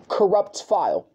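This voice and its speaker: A man's voice: fairly high pitch, darkish tone, a little hiss or hum. A man ranting to camera in a vlog, repeating himself, swearing and addressing the platform directly. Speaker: channel owner.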